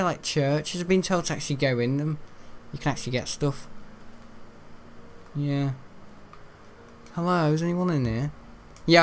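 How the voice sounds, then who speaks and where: A young man with a voice on the high side hosts a gaming channel, offering casual let's-play commentary. He rambles, chats, and jokes, laughing at his own lines, with slight background noise in the recording.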